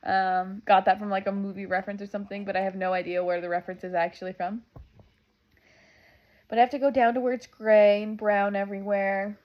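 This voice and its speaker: A woman's voice: mid-range voice, steady tone, a little fast, dull audio. A woman from Southern California, chatting casually to the camera at home while she packs, rambling with lots of "like" and "um.". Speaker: vlogger.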